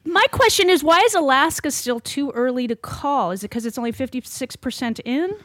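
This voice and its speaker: A woman's voice: high voice, lively intonation, fairly quick, a bit bright, dry recording. Wry woman co-host chatting from home. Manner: precise, wry, dry jokes. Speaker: podcast co-host. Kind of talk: casual political chat.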